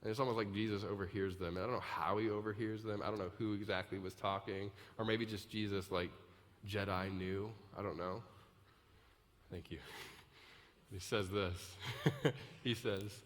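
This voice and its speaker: A man's voice: lowish voice, moderate pace, long pauses. Man preaching in a reverberant hall. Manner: conversational, building to emphatic peaks. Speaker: pastor. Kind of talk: sermon. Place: large church auditorium.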